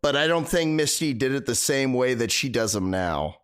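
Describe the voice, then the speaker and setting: A man's voice: medium pitch, animated, normal speed, clean tone. A man streaming a game live, chatting casually, rambling and thanking viewers.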